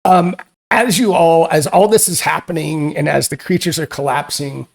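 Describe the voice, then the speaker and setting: A man narrating a tabletop game as game master, halting and repeating words as he goes. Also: a little high, creaky.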